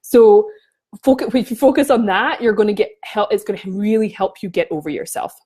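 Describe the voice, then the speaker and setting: A woman's voice: medium pitch, quick pace, a little mellow, breathy edge. Passionate woman coach talking to camera. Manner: passionate, restarts sentences often. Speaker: spiritual coach. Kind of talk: casual talk to camera.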